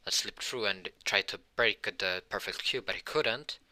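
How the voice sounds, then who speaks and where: A man narrates an improvised fan-fiction story, rambling and hesitating as he goes. His voice sits low but has a bright, sharp edge. The sound is close and dry. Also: normal speed, no room sound.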